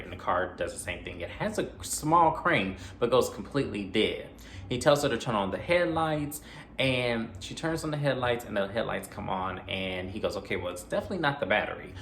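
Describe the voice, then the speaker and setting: A man recapping a horror movie plot in a casual, animated way, acting out the characters' lines and adding his own asides. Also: fairly low pitch, slight background noise. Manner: animated retelling with quoted voices and asides. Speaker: movie reviewer. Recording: echoey room with faint ambience.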